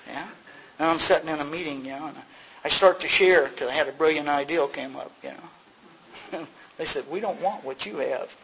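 A man's voice: normal speed, creaky, fairly bright tone, poor audio. A middle-aged man sharing his personal story at a recovery meeting, in a conversational way, filled with "you know" and laughing at himself. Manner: acts out both sides of dialogues with sudden rises in pitch. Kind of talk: personal testimony to a group.

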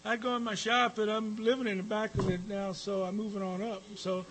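High, bright-voiced man telling his story. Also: little pitch movement, fairly quick, low-quality recording. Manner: rambling, with frequent fillers and profanity. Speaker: recovery meeting speaker. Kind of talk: personal storytelling talk.

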